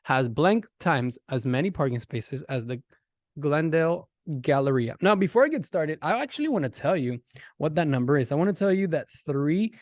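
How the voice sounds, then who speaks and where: Animated man teaching a math lesson. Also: a little high, normal speed, no echo, studio quality. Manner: animated, talks directly to students. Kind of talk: casual classroom lesson.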